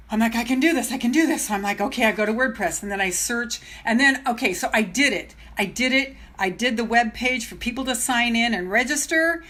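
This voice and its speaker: A woman's voice: a little high, fairly bright tone. An older woman, a self-love coach, chatting live with her followers in a gushing, chatty way and greeting viewers as they join, speaking into her phone camera at home. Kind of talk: live video chat with followers.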